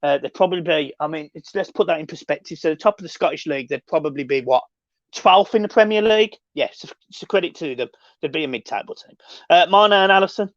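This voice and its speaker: A man hosting a casual live stream, reading and answering chat with sweary, excitable banter. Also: a little high, fast, no echo. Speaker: livestream host reading chat. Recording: dull lo-fi dry sound.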